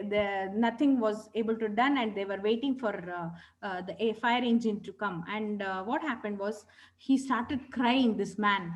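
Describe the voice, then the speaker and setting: A woman's voice: fairly high pitch, poor audio. A woman, teaching yoga philosophy in an earnest, storytelling way and often stopping to correct herself. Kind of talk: spiritual teaching talk.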